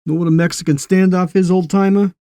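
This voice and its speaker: A man's voice: sits high, steady tone, a little fast, warm tone, no echo, voice pushed up, close to an everyday voice. A man voicing an impatient American army sergeant, brash and pushy, with a Brooklyn accent. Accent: Brooklyn, New York.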